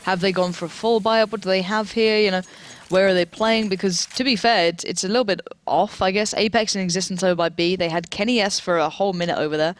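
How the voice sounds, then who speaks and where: Male game caster, excitable play-by-play, headset, pitch climbs in action. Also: fast, hardly any pauses. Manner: pitch leaps high in big plays. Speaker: esports commentator. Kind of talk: live esports play-by-play.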